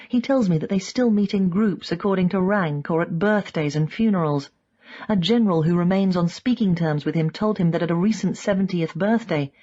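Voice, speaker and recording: A woman narrating a nonfiction audiobook in first person, measured and reflective. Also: fairly low pitch, darkish tone, lo-fi sound.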